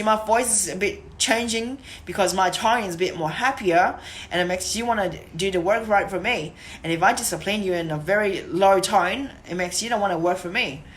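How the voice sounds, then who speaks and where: A woman's voice: on the low side, slight background noise. A woman instructor giving a casual teaching monologue, rambling with many fillers and restarts, and now and then showing off firm and cheerful tones of voice.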